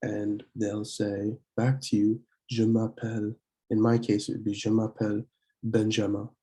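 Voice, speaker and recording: A young man teaching a French lesson from slides, slowly repeating words and often clearing his throat to correct himself. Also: on the low side, completely flat delivery, mellow, poor audio. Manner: slow, repeated pronunciation drills. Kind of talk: slide-based language lesson.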